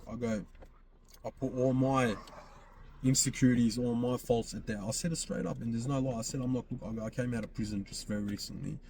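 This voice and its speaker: A man's voice: medium pitch, a little mellow, slight background noise. A man hosting a podcast, telling a personal story in casual speech, often quoting himself and repeating phrases. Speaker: podcast host.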